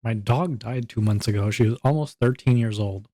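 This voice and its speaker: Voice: mid-range voice, normal speed, dark tone. A VTuber streamer in casual live-stream chat, joking around and reading viewers' messages aloud before answering them. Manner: playful, goofy, jokey banter.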